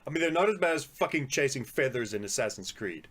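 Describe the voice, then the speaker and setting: A man co-hosting a casual film and gaming podcast in an easygoing, lively way. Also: medium pitch, fast talker. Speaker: podcast co-host.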